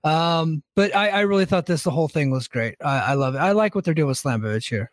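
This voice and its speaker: A man's voice: fairly high pitch, lively intonation, fast talker, no room sound, studio quality. A man co-hosting a wrestling podcast, recapping events in a loose, joking way with frequent laughs. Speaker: podcast co-host.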